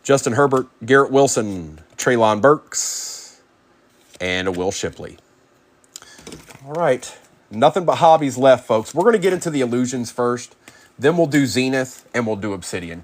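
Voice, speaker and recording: A man hosting a live card break, rapidly calling out player names and chatting with viewers by name. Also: mid-range voice, animated.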